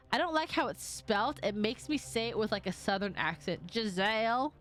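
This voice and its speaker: Animated young woman streamer. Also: medium pitch, normal speed. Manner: laughing, swearing, animated reactions. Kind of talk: casual live game commentary.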